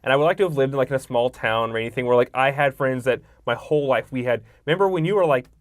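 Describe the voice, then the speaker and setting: A man's voice: medium pitch, rapid-fire, dry recording, studio quality. A man co-hosting a casual movie review chat, opinionated and swearing freely, often acting out characters' lines as he talks. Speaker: podcast co-host.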